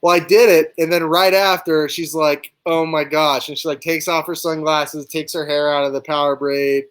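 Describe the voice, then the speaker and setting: A man's voice: fairly high pitch, fairly even intonation, normal speed, fairly bright tone, clear, resonant tone. A young man, a baseball player guest, rambling through a casual story and acting out both sides of conversations in quotes. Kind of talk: casual storytelling on a live talk show.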